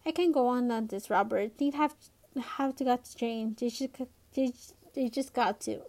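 A woman's voice: a little high, normal speed, darkish tone, lightly acted. Strained storybook mom, insistent, pushing her voice; a woman reads her. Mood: despairing. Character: frustrated, strained middle-aged mother.

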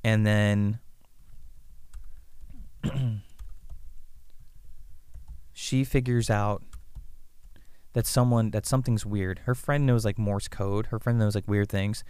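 A man with a low, smooth voice talks through a thriller idea in a loose, rambling way, leaning on fillers. He often slips into the lines of the people in the story. The sound is close and dry. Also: fairly even intonation, slow pace, pauses often, a little mellow, no echo. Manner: rambling pitch, acting out quoted lines with lots of fillers. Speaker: screenwriter pitching a story. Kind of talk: casual writers' room brainstorm.

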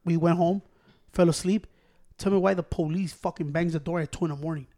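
High-voiced man telling a profane story. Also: fairly quick. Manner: profane, animated, acts out quotes. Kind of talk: casual storytelling among friends.

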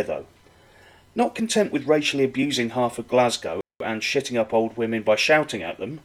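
A male storyteller recounting a comic anecdote. His pitch swings widely as he builds up the jokes. The delivery is wry and playful. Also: rough recording.

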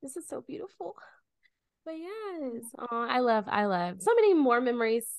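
A young woman co-hosting a podcast, talking in an upbeat, animated way and saying "like" a lot. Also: high-pitched, normal speed, creaky, no room sound, studio quality. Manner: bubbly and animated, says "like" often. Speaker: podcast co-host. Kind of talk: casual chat.

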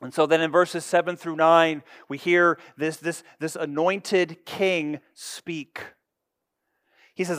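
A man preaching a sermon, with expressive delivery that moves from loud emphasis to hushed asides. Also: a little high, slow pace, no echo, studio quality. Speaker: pastor.

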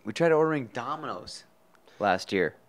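A young man chats casually as a podcast co-host. He jokes a lot and piles on exaggerated gripes with mild swearing. His voice sits at an ordinary middle pitch. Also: lively intonation, normal speed. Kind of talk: casual chat between roommates.

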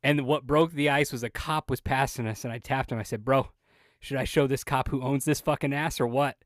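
A man's voice: medium pitch, fairly quick, no echo. Profane man telling a story, dry mic. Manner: profane, animated storyteller who acts out the other people's lines. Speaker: podcast co-host. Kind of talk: casual storytelling.

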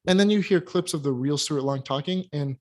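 A man's voice: a little high, a little fast, darkish tone. A man co-hosting a casual film review chat, giving candid and critical opinions with plenty of hesitations and restarts. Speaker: podcast co-host reviewing films.

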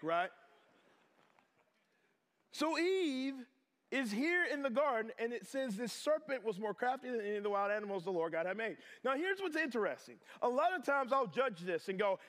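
A man preaching a sermon as a pastor, animated and joking, acting out little voices as he goes. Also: very high-pitched, a little fast. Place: chapel.

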